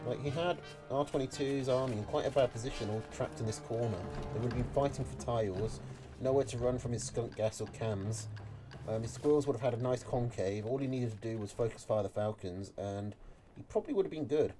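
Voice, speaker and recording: A man casts a strategy game in a relaxed, chatty play-by-play, talking through the moves and dropping little filler words as he thinks. His voice sits at an ordinary middle pitch. Music plays clearly behind him. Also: a little fast. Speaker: caster. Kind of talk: casual play-by-play game commentary.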